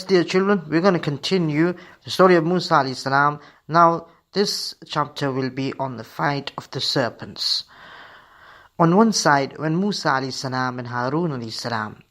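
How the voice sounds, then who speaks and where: Male radio storyteller for children. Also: mid-range voice. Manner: steady reading aloud with slips.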